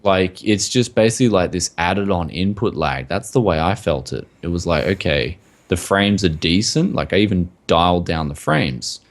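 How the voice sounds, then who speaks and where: A low-pitched man with a rough, gravelly voice, talking casually on a tech podcast. His pitch swings around a lot as he rambles, and his sentences are packed with "like" and "man". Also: expressive, normal speed, few pauses. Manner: rambling, full of likes and mans. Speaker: podcast co-host.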